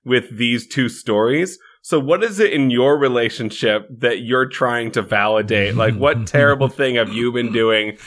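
Sarcastic podcast dude, bright crisp voice, just riffing. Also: male voice, mid-range voice, normal speed, few pauses. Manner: sarcastic, wisecracking. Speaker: podcast co-host. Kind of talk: casual banter.

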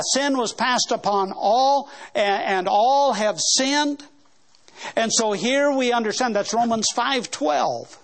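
Brief: male preacher with a high voice, earnest and emphatic, repeats words as he drives each point home. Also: fairly bright tone. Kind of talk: Baptist sermon.

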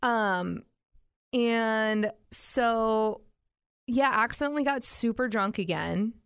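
Young woman chatting casually on a podcast, smooth clear voice, dry mic. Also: on the high side, slow pace, a bit bright, no echo. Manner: easygoing, joking, many likes and ums. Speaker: podcast co-host. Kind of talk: casual chat.

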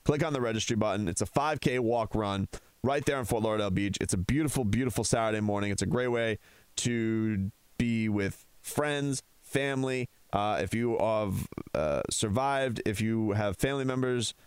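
A man's voice: fairly low pitch, normal speed, smooth, dry recording. A man hosting a sports talk radio show from a studio, ranting with heated sarcasm.

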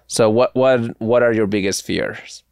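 A man's voice: lowish voice, fairly even intonation, a little slow, vocal fry, a little mellow, clear, resonant tone, no echo, studio quality. A man hosting a podcast, casually and earnestly asking his guest questions. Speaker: podcast host. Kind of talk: casual interview chat. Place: podcast studio.

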